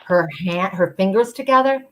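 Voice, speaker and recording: A woman's voice: medium pitch, normal speed. Chatty woman telling a story. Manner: chatty, filler-heavy, acts out quoted voices. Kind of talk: live storytelling.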